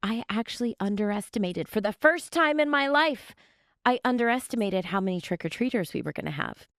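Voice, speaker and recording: A woman's voice: medium pitch, animated, fairly quick, fairly bright tone, no echo, clean studio sound. A young adult woman co-hosting a podcast, telling stories in a bubbly way and laughing easily. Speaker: podcast co-host. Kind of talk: casual podcast chat.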